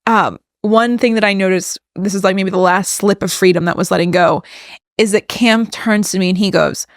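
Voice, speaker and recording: A woman's voice: mid-range voice, fairly even intonation, moderate pace, no echo, clean studio sound. A woman co-hosting a podcast, telling a personal story in a casual, effusive and heartfelt way. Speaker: podcast co-host.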